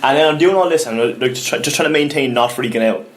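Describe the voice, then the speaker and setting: A young Irish man co-hosting a podcast, telling a story in an animated, laughing way and swearing often. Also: medium pitch, quick pace. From Ireland. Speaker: podcast co-host. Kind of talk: casual chat, storytelling. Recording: echoey room.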